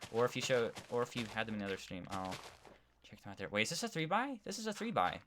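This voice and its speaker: A man's voice: mid-range voice, very animated, fast talker, background noise. A man live-streaming a game in a casual, rambling way, reading viewer chat aloud as he plays. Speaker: gaming streamer.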